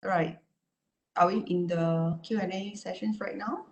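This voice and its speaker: A woman therapist giving an online talk and answering questions, speaking calmly and repetitively with many "you know" and "right?" asides. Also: mid-range voice, unhurried, roomy sound, lo-fi sound.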